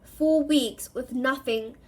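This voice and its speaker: Woman reading a book aloud, expressive, kinda high voice, does all the characters. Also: takes it slowly. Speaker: reader.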